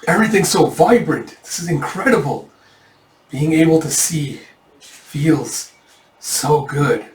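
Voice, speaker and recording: A man voicing a brooding young male dragon warrior, speaking in a quiet, awed, ominous way. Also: fairly high pitch, expressive, slow pace, a little hiss or hum. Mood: quietly ominous. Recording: roomy, distant mic.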